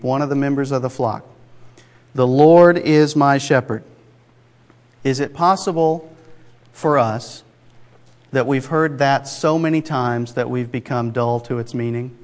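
A man delivers a sermon in an easygoing, conversational manner, leaning hard on key phrases and tossing rhetorical questions to his listeners. His voice sits at an ordinary middle pitch and carries a long reverberant tail, as if he is speaking in a church sanctuary. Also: unhurried. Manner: conversational, emphatic, rhetorical asides. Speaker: preacher.

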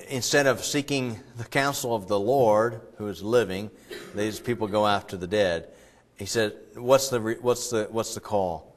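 A middle-aged man preaching a sermon as pastor, conversational and digressive, with frequent fillers. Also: lowish voice. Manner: conversational, digressive, breaks into loud acted quotes.

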